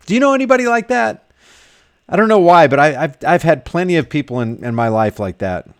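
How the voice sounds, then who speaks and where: A man's voice: on the high side, animated, a little fast. Rambling man reading viewer comments. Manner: rambling, with frequent restarts and repeated words. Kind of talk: casual live chat.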